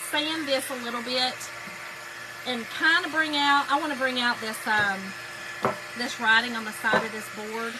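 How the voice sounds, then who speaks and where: A woman's voice: fairly high pitch, background noise. Chatty Southern woman on a livestream. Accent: Southern US (Georgia). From Kentucky, raised in Georgia. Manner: chatty, folksy, greets viewers by name. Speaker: craft livestream host. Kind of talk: casual livestream chat with viewers.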